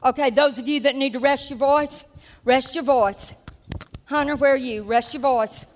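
An older woman pastor preaching a sermon, animated and folksy, rising to shouts at the peaks. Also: sits high, moderate pace, slight background noise. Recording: long reverb of a church hall.

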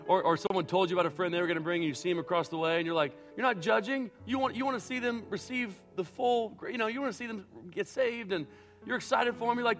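A male pastor delivering a dynamic sermon in a slightly raised voice. He pushes hard on quoted lines, then sinks into quiet, reflective passages. Faint instrumental music plays underneath. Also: fairly high pitch, fast. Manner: dynamic preaching, swinging between loud acted-out quotes and quiet reflective passages.

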